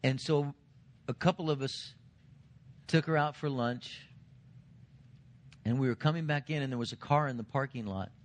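A middle-aged senior pastor preaching a sermon, earnest, building to emphatic points and dropping quiet for stress. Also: male voice, moderate pace, long pauses. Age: 40s or older. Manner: earnest preaching, rising to emphatic lines then dropping low.

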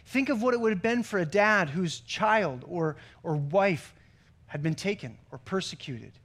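High-voiced man preaching conversationally. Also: animated, a little slow, fairly bright tone. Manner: conversational preaching with joke-telling asides. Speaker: pastor. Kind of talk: sermon.

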